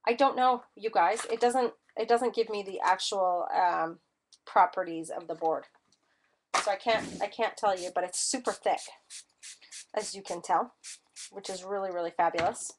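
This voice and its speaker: A woman's voice: mid-range voice, normal speed, a little hiss or hum. Chatty woman teaching a craft class. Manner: chatty and enthusiastic, gushing over colors. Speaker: art class instructor. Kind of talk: live-streamed craft demonstration.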